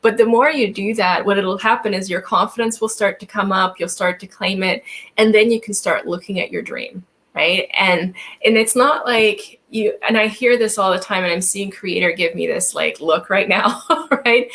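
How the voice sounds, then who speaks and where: A woman's voice: medium pitch, normal speed, a bit bright. A woman success coach being interviewed on a webinar, talking earnestly and encouragingly, often checking in with "right?".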